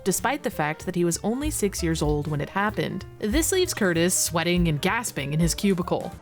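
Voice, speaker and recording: A woman's voice: on the low side, darkish tone. Sarcastic young woman narrating a game retrospective. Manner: sarcastic, casual, irreverent. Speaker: video essay host.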